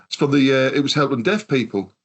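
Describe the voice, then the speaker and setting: A man's voice: mid-range voice, animated, fast, fairly bright tone. Rambling, swearing British man. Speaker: podcast host. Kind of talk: casual chat.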